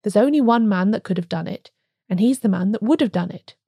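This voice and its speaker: A woman's voice: mid-range voice, animated, fairly quick, warm tone, breathy edge, no room sound, studio quality. A woman reading as a blunt, obstinate village cobbler who mutters his accusations.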